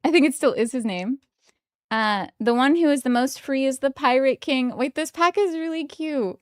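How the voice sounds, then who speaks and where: A young woman streaming from home, chatting casually and giggling excitedly as she opens trading cards. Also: high-pitched, normal speed, dry recording, studio quality. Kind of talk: casual live-stream chat while opening trading cards.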